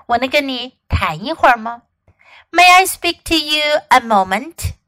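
A woman hosting a children's English lesson, encouraging and sing-song, repeating phrases slowly. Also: sits high, animated, pushed and bright, no echo. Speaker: English teacher and podcast host.

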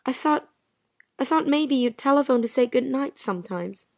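A woman plays Jean, a lovesick and anxious wife begging her absent husband to return, in a dialogue drama reading. The performance is heavily acted, sad, breathless and emotional, delivered in a high, animated, creaky voice at a moderate pace. The studio-quality recording has no room sound.

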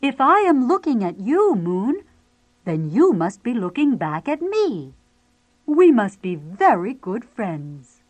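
A woman's voice: a little high, sing-song, slow, a little mellow, no room sound, voice pushed up, exaggerated voice. Woman doing an earnest little storybook owl. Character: gentle, earnest, simple-minded little male owl. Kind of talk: children's storybook reading. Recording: violin music playing underneath.

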